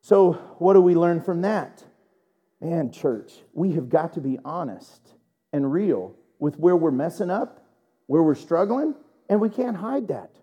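A man preaching a sermon in church, animated and joking, asking the room rhetorical questions. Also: on the high side, a little slow, highs cut off. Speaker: pastor.

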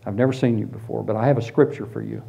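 A man telling his conversion story as a sermon, with lively storytelling that moves from hushed tones to shouted praise. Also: lowish voice, quick pace, creaky, highs cut off, slight background noise. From Florida, US. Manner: animated storytelling, drops to hushed tones then bursts into shouts. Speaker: preacher giving testimony. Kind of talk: testimony sermon.

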